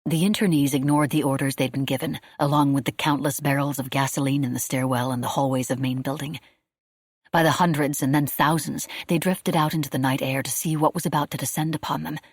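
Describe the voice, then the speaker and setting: A woman reading a wartime novel aloud as an audiobook, in a steady, measured storytelling manner. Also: sits low, breathy edge, dry recording, clean studio sound. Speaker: audiobook narrator. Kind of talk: scripted audiobook narration.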